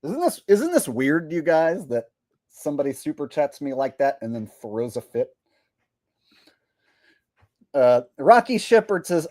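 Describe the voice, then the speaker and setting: A man's voice: fairly high pitch, very animated, normal speed, pauses often, a little mellow, no room sound, clean studio sound. Sarcastic man hosting a livestream. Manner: sarcastic, rambling, stammers. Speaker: livestream host. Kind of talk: casual chat reading viewer messages.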